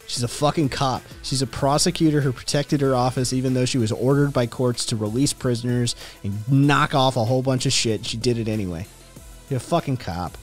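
Podcast host, male, loose profane rambler, faint music in the background. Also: mid-range voice. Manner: profane, rambling, reacting to chat. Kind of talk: casual livestream chat.

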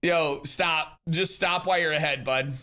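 A man's voice: on the high side, unhurried, pushed and bright. A man live-streaming, chatting casually and upbeat with his viewers, greeting and answering them by name.

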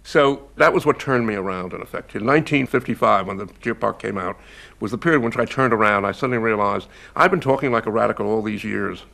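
A man in his seventies from the United States, a novelist reflecting on his past in a measured documentary interview. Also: fairly low pitch, a bit bright. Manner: gravelly, measured, stopping to restart.

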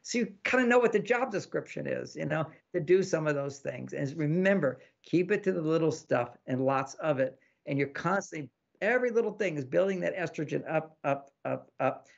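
A man with a slightly high, gravelly voice talks through relationship advice as an interview guest. He is animated and keeps slipping into little acted-out quotes with a laugh. The sound is dull and lo-fi. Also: moderate pace. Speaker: relationship author and podcast guest. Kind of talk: casual advice talk in an interview.

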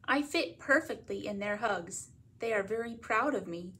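A woman from a library reading a picture book aloud as a bedtime story, in a gentle read-aloud manner. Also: mid-range voice, expressive, normal speed, slightly rough.

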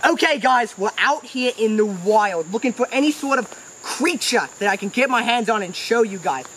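A woman putting on a put-on Australian accent to play a bumbling, excitable wildlife adventurer in a comic parody, stumbling over words outdoors in the woods. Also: on the high side, slight background noise.

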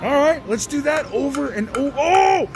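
A slot machine vlogger giving excited live commentary on a casino floor, pleading with the machine over and over. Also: high-pitched, normal speed. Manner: excitable, pleads with the machine, repeats "come on" and "one more". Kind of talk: excited live commentary while playing slots. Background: jingling slot machine music.

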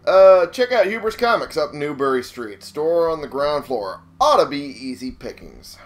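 Game music plays as a young gamer chats through his let's-play in a higher, sing-song voice at normal speed. He rambles casually, laughing and swearing frequently.

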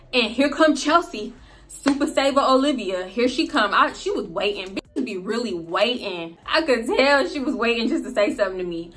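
A woman vlogger telling a story in a casual, animated way, full of slang, swearing and laughing asides. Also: a little high, moderate pace.

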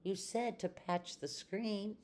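A woman voicing a cheerful, literal-minded housekeeper in a children's storybook reading, matter-of-fact and bright. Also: mid-range voice, steady tone, slow pace, voice pushed up, natural voice.

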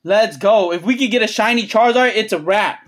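A channel host opening trading card packs on camera, calling out each card and getting loudly excited and cursing at big pulls. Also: mid-range voice, slight background noise. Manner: excitable, swears freely, yells at big pulls; drawn-out, emphatic phrasing between muttered card lists. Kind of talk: hyped pack-opening vlog commentary.

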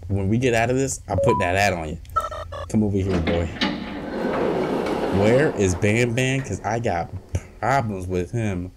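Gaming streamer man, low voice, excitable running commentary. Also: background noise. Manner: excitable, talks to his in-game companion, trash-talks. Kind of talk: let's play commentary.

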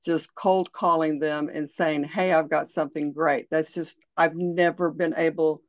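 A woman's voice: low voice, fairly even intonation, measured pace, no echo. A woman from the American South with a Southern accent, a real estate agent chatting casually in a self-deprecating way. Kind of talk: casual conversation. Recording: dull, dry lo-fi audio.

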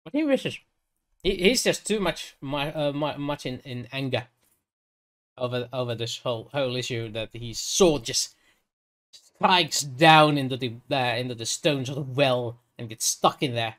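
A man narrating a tabletop game as game master, halting and restarting often. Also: mid-range voice, fairly bright tone. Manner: halting, full of fillers and restarts.

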